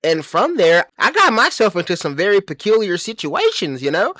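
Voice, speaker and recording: A brash man brags in a mock-grandiose, profane comedic monologue, his bright voice leaping up and down in pitch. He keeps wandering off into self-interrupting asides. The sound is dry and close. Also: huge pitch swings, normal speed, few pauses, no room sound. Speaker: comedy commentary host.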